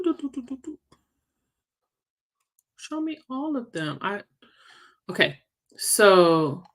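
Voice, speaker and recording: A woman leading her sales team's meeting in a casual livestream, chatty and teasing as she works through sums out loud. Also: mid-range voice. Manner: chatty, teasing, thinks aloud while working sums. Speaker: sales team leader.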